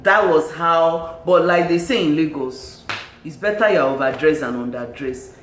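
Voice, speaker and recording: A film reviewer with a Nigerian accent, talking in a casual, animated and exclamatory way, often laughing and repeating words for emphasis. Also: medium pitch, normal speed. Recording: echoey room with faint background noise.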